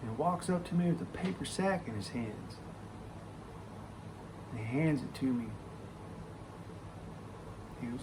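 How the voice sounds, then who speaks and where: A man telling a story from his working life in a casual, animated way, full of swearing. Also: mid-range voice, a little slow, pauses often, noisy background. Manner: profane, animated raconteur.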